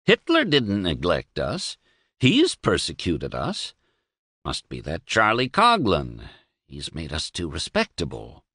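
A man's voice: wildly swooping pitch, slow pace, breathy edge, no echo, studio quality, full character voice. A man voicing an angry, outspoken older Catholic priest who snorts his words indignantly. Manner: snorting, indignant, high and sharp.

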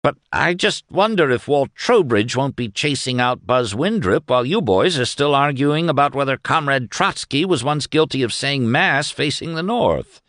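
A man's voice: medium pitch, lively intonation, moderate pace, few pauses, a bit bright, no room sound, clean studio sound, pitched above the performer's own voice. A man voicing a mocking male communist agitator who chuckles as he jeers.

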